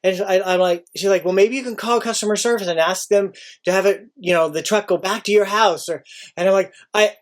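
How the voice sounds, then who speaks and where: A man who works as a teacher, telling a story casually and acting out his own panic with sudden high outbursts. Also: steady tone, a little fast.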